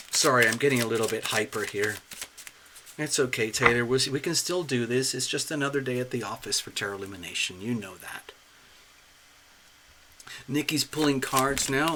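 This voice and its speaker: A man hosting a live-stream tarot reading, chatty and excitable, talking straight to viewers and clients. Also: mid-range voice, noisy background. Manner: chatty, excitable, laughs often. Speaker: tarot reader, channel host.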